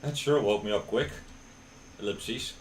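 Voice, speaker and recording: A young man streamer reading a visual novel aloud on a live stream, relaxed and cracking jokes in between. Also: fairly low pitch, measured pace, slight background noise.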